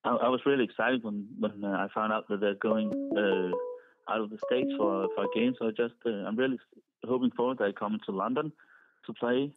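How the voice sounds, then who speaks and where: A man from Denmark calling in to a podcast, speaking in a halting, hesitant way. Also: lowish voice, steady tone, soft background music. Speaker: caller. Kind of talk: phone call-in chat. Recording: phone line.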